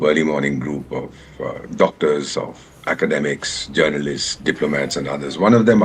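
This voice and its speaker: A man's voice: very deep voice, slight background noise. An older man with an Indian English accent speaking as a news panel guest, impassioned and indignant, slipping into Hindi phrases. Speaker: panel guest, former ambassador. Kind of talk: heated panel debate.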